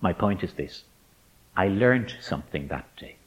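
A man giving a reflective faith talk to ministers, measured and emphatic, stretching out key words as he tells an anecdote. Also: sits low, lively intonation. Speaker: speaker addressing ministers. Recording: dull lo-fi recording in a reverberant hall.

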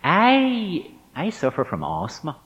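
A man plays a confrontational young male student with a blunt, challenging edge, voiced noticeably higher than his own speech. The sound is dull and lo-fi, with a long hall reverb trailing each phrase. The delivery pushes forward, as though daring the listener to argue. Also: wildly swooping pitch, normal speed. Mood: tense.

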